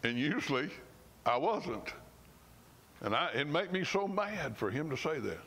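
A man, a pastor, preaching a sermon in church. He reads scripture slowly and with emphasis, and at times his voice drops suddenly soft. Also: fairly high pitch, sing-song, slightly rough.

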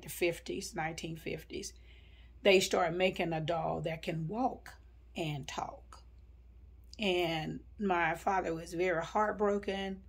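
A woman in her sixties speaks in an unhurried, husky voice. She sits lowish in her range and leans on "you know" and "I think" as she tells her story to an interviewer. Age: 60s. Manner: unhurried, with frequent fillers and hedges.

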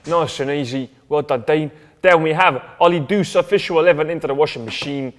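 A man's voice: on the high side, brisk. Joking man in a reverberant room. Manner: banter, jokey, reads viewer posts. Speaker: co-host. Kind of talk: casual chat.

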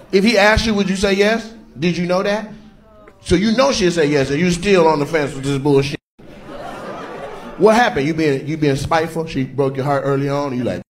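A man doing stand-up crowd work in a large theater, teasing audience members in with loud bursts. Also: high voice. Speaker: stand-up comedian. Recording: crowd laughter and noise.

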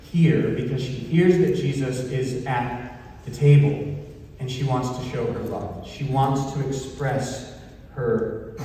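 A man's voice: on the high side, mellow, far from the mic. Man preaching in an echoey hall. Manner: earnest, emphatic teaching with pauses. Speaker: pastor. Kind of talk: sermon. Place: church worship hall.

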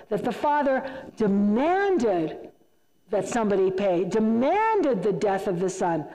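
A woman's voice: high voice, mellow. Emphatic woman lecturing in an echoey hall. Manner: emphatic, conversational, repeats herself for emphasis. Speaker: retreat speaker. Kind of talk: lecture to a church group. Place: church hall. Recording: long reverb in a hall.

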